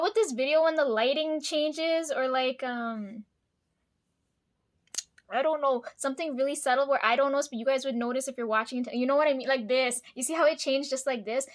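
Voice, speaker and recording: A woman vlogger chatting casually to her viewers, rambling, swearing freely and laughing often. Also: high-pitched. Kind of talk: casual chat to camera.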